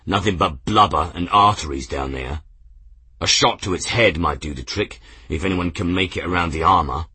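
A man voicing a blunt, gruff old naval commodore who grunts his words, in a storybook reading. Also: low-pitched, moderate pace, sharp tone, no room sound, heavily acted.

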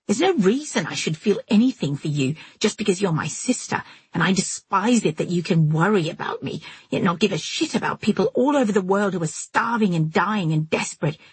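A woman's voice: medium pitch, animated, fairly quick, breathy edge, no room sound. A woman voicing a hostile young woman, the narrator's sister, who speaks coldly and with biting contempt. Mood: contemptuous.

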